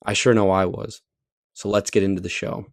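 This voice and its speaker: A man's voice: low voice, level tone, a little fast, no echo, clean studio sound. A man with a Midwestern American accent from Wisconsin, hosting a podcast interview in an eager, upbeat way. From Wisconsin, USA. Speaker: podcast host.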